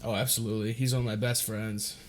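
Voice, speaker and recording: A man's voice: fairly low pitch, level tone, fast, slight background noise. A young man co-hosting a podcast, telling loose stories with plenty of swearing. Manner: loose storytelling, heavy swearing. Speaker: podcast co-host. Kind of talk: casual chat.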